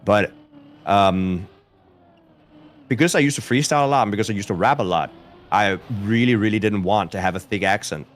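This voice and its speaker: A man's voice: lowish voice, normal speed, pauses often. Easygoing man with a light Danish accent. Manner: easygoing, chatty, self-deprecating. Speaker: streamer co-hosting a game stream. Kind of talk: casual chat, reading chat.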